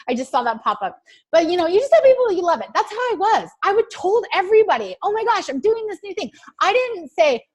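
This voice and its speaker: A woman talking casually on a team training call, chatty and eager, full of fillers and quoted asides. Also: high-pitched.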